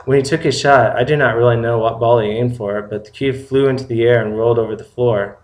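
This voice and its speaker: Guy reading a story out loud, mid voice, steady and plain, roomy echo. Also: mid-range voice, fast talker. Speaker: story reader. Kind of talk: first-person story narration.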